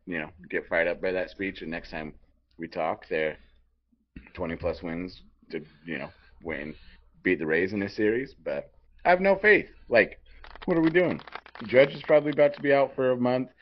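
A man's voice: low-pitched, animated, moderate pace. A man co-hosting a sports podcast, delivering a heated, profane rant. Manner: profane, fired-up ranting. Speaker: podcast co-host. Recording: dull lo-fi podcast audio.

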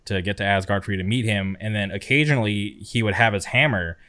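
A man's voice: fairly low pitch, fast, bright, forceful tone, no room sound. A young man from California co-hosting a podcast, chatting casually and enthusiastically, rambling with lots of fillers. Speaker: podcast co-host. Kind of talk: casual chat.

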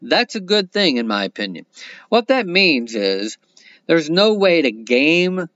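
A man's voice: on the high side, big pitch swings, unhurried, a bit bright, dry recording, muffled recording. A man hosting a solo podcast, talking plainly and counting his points off one by one. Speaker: podcast host.

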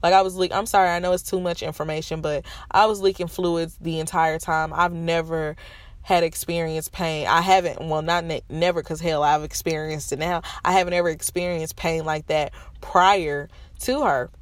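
A vlogger in her thirties talks to viewers from her car in a school parking lot, telling a painful personal story with frankness and emotion. She is holding back tears, which has made her nose stuffy. Her voice is low-pitched with fairly even intonation at normal speed, and there is no room sound.

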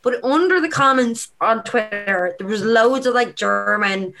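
High-voiced woman, teasing podcast co-host. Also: creaky, pushed and bright. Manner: quick reactions, teasing, laughs. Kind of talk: casual chat.

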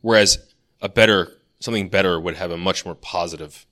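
Male podcast co-host, low voice, loose rambling storyteller in casual chat. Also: fairly quick, sharp tone. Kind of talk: casual chat, telling a dream.

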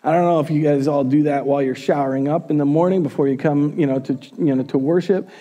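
A male pastor preaching a sermon in a church, telling the story in an animated, casual way. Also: fairly high pitch, fast talker.

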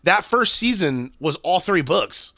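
A man talking casually, rambling and swearing as he restarts his sentences. His pitch rises and falls freely. The sound is dry and close. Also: very animated, unhurried, sharp tone, no echo. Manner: rambling, profane, trails off and restarts. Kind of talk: casual chat.

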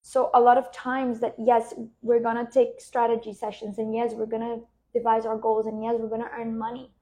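Lady coach doing a slow calm guided relaxation thing, kinda high voice. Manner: slow, soothing, reflective. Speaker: podcast host and business coach.

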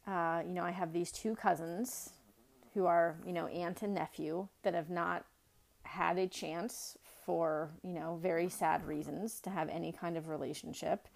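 Middle-aged woman, low gravelly voice, earnest personal storyteller, halting and reflective. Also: steady tone. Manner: earnest, reflective, many fillers and restarts.

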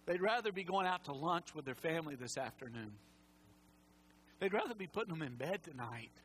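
Man, pastor, sermon, impassioned, emotional, loud then hushed, slightly high voice, faint hum. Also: rough recording. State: emotional, near tears. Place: church sanctuary.

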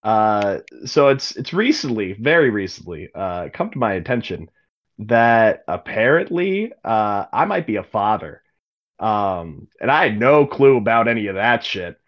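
A man's voice: on the low side, sing-song, unhurried, highs cut off. A man voicing the unseen male writer of a magical letter, rambling and swearing. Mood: exasperated.

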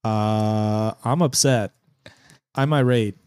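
A man's voice: on the low side, slow pace, a little mellow, smooth, dry recording. A young man guest on a casual podcast, teasing his hosts and acting playfully offended. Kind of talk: casual chat.

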